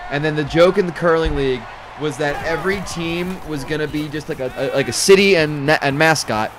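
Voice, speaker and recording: A man's voice: on the high side, crowd noise. A man giving joking, rambling live commentary on a video game football match, calling plays and swearing casually. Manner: rambling, swears, quick play calls.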